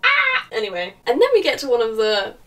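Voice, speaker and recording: A woman's voice: fairly high pitch, sing-song, fast, recorded from a distance, low-quality recording. A young woman giving a casual, sarcastic book review, often laughing and swearing in exasperation.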